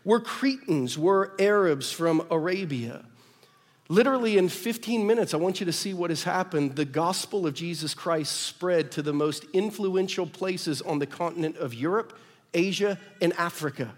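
A pastor preaching a sermon, shifting between loud emphatic declarations and soft quiet asides. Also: male voice, sits high, normal speed, long reverb tail. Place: church auditorium.

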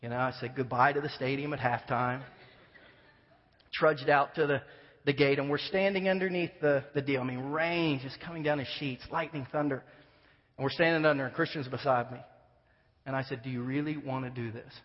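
A man preaching a sermon, telling a story and acting out the voices of the people in it. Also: brisk. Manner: animated, acts out dialogue with rising pitch. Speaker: pastor. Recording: dull sound with long reverb.

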